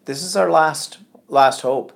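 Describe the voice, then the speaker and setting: A man's voice: on the high side, slow, gravelly. A man co-hosting a podcast, chatting and telling a story in which he acts out the people he quotes. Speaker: podcast co-host. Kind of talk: casual chat.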